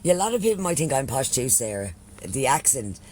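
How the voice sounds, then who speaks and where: A man's voice: mid-range voice, very animated, fairly quick, a little mellow, a little hiss or hum. An Irish man chatting casually on a live stream, swearing freely and thanking followers by name. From Ireland.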